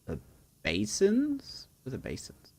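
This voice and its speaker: Lively joking male streamer. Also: high voice, measured pace, vocal fry, husky. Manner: joking, chatty, playfully self-deprecating. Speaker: streamer and host. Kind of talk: casual gameplay chat.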